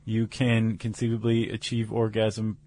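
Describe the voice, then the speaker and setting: A man's voice: fairly low pitch, completely flat delivery, a little slow, warm tone. A man co-hosting a podcast, explaining science in casual chat with fillers and restarts. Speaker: podcast co-host.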